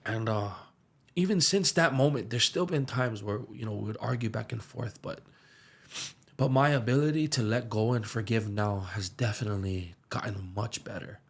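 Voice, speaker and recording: A young man with a light lilt telling his story earnestly on a podcast, his voice dropping to a hush when it gets emotional. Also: fairly low pitch, moderate pace, slightly rough. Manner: earnest, slips into soft hushed tones when emotional. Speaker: musician and aspiring pastor.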